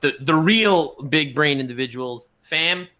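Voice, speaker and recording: A man's voice: fairly high pitch, unhurried. A young Canadian man co-hosting a podcast in casual chat, animatedly retelling scenes and acting out the characters. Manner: animated storyteller, acts out scenes in voices. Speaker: podcast co-host.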